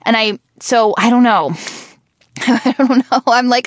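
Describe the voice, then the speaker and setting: A woman's voice: fairly high pitch, slow pace, no room sound. A woman in her thirties in casual conversation, rambling and restarting her sentences, with a groggy morning voice. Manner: chatty, rambling with frequent restarts and self-corrections.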